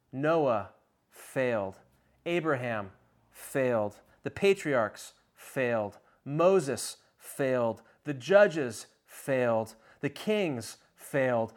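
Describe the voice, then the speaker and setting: Man preaching with dramatic pauses. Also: medium pitch. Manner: preaching with dramatic pauses, swinging between soft and loud. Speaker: pastor. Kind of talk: sermon.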